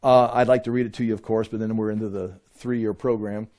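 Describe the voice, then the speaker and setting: A man teaching a Bible class in an explanatory way, often pausing with "uh" and restarting his sentences. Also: fairly low pitch, little pitch movement, darkish tone.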